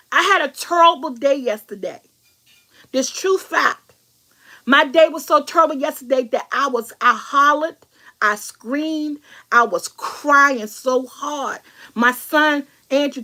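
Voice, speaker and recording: A woman's voice: high-pitched, sharp tone. A middle-aged woman vlogger, giving an emphatic, preachy motivational talk and repeating her key lines.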